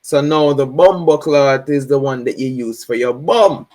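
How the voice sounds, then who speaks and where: A Jamaican man, a guest in a casual interview, explaining things in a relaxed way with frequent laughs and "right?" tag questions. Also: medium pitch, moderate pace.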